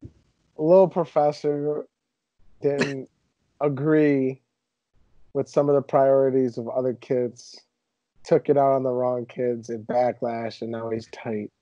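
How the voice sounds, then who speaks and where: A young man in his twenties hosts a casual podcast and tells stories with lively, mock-indignant flair. His voice is dark and mellow. The recording is dry and a little dull. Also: mid-range voice, slow pace, pauses often, no echo. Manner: animated storyteller, exaggerated indignation. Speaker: podcast host.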